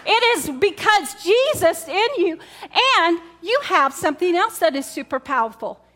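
A woman's voice: extremely high pitch, lively intonation, moderate pace, bright, forceful tone. A woman pastor preaching a sermon to her congregation in a chatty way, repeating key words and asking the room questions. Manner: conversational, repetitive, asks the congregation questions. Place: church in front of a congregation.

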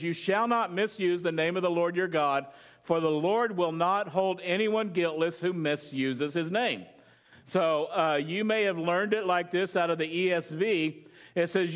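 A pastor with a high, fairly bright voice preaches to his congregation in a loose, conversational style, cracking jokes and putting questions to them.

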